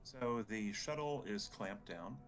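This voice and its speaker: A man's voice: lowish voice, lively intonation, takes it slowly, faint music behind. A man playing in a tabletop game, talking casually and asking about the rules. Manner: casual, swears, asks rule questions. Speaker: player. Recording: loud background noise.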